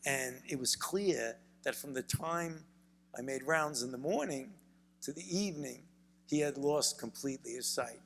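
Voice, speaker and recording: An older man with a Brooklyn accent, a physician telling stories in a measured way during an onstage interview. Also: mid-range voice, a bit bright, big-room sound. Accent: Brooklyn, New York. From United States. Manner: measured storytelling, frequent repeated words. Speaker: physician and author, interview guest. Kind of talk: onstage conversation. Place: university event hall.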